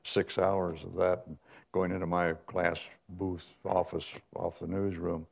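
An older man, a veteran newsman, telling stories in a measured, reflective way with frequent pauses and restarts. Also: low-pitched, little pitch movement, vocal fry, darkish tone. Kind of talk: reflective conversational storytelling.

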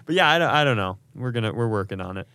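A man co-hosting a comedy podcast, telling a story in casual chat and slipping into quick silly voices. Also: lowish voice, lively intonation, sharp tone, clean tone, no echo.

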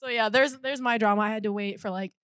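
Chatty young woman with a highish voice. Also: fast, a bit bright, clean tone, no echo, clean studio sound. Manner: chatty, full of "like", acts out quotes. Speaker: fan telling a story. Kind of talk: casual storytelling.

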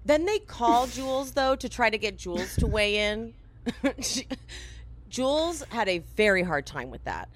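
A woman's voice: a little high, very animated, measured pace, slight background noise. A woman casually recapping a reality show on a podcast, telling it as a story and acting out the quotes, with lots of "like". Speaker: podcast co-host.

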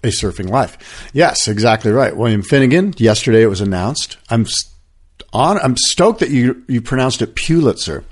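Rambling male podcast co-host, mid-pitched. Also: lively intonation, normal speed, breathy edge. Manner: meandering, peppered with "you know". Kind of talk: casual chat.

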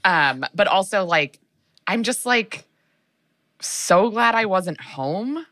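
Recorded dry with clean studio sound, this podcast co-host has a mid-range, fairly bright voice with lively intonation and a slow pace. In casual conversation, she spins meandering stories stuffed with fillers.

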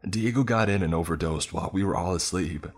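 A harsh, desperate father, voiced by a man with a very deep voice. He speaks bluntly and loudly, as in a narrated horror story. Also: quick pace, breathy edge, faint music behind. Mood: confessing.

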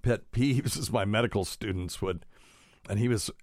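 A man's voice: lowish voice, moderate pace, a little mellow, no echo, studio quality. A man hosting a casual solo podcast, rambling and chatty, stopping to fuss over word usage. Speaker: podcast host, doctor.

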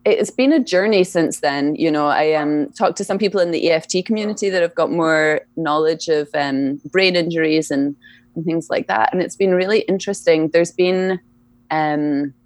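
A woman's voice: low voice, moderate pace, darkish tone, dry recording. A young woman talking casually as an interview guest, chatty and laughing often, with many fillers. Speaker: guest, EFT practitioner.

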